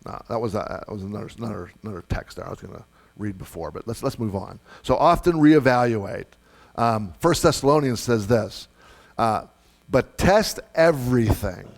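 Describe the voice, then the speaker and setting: A man's voice: on the low side, brisk, creaky. A man who is a pastor, preaching a casual sermon with many restarts and frequent tag questions. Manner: conversational, repeats words, often asks "right?".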